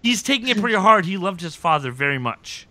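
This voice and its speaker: A man hosting a podcast, recapping episodes in casual chat and acting out scenes in quick impressions. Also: sits high, sing-song, sharp tone, no echo.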